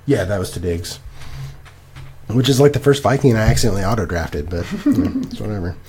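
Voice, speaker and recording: A young man co-hosting a casual podcast, rambling and animated as he recaps games. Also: lowish voice, fairly quick, breathy edge. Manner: animated, rambling, laughs at himself. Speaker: podcast co-host. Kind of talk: casual fantasy football chat.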